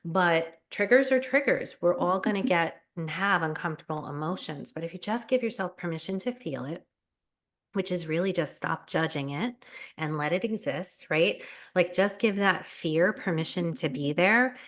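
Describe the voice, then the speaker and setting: Guest: woman coach, low voice, earnest and animated, loose chatty delivery. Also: normal speed. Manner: earnest, animated, many fillers. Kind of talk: casual interview chat.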